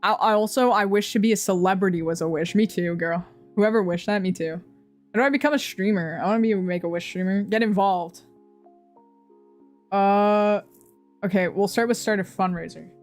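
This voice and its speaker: A woman's voice: medium pitch, moderate pace, soft background music. A young woman streamer chatting casually, rambling and swearing, often laughing at her own jokes.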